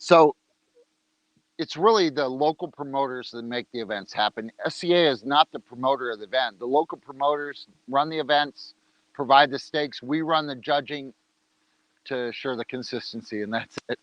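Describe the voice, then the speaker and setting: A man's voice: mid-range voice, moderate pace, fairly bright tone, no room sound. Guy on a livestream chatting loose and jokey, mouth full sometimes, dull dry lo-fi sound. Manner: loose, joking, talks while eating. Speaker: organization leader on a livestream. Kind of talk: casual livestream talk. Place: outdoors, rain coming.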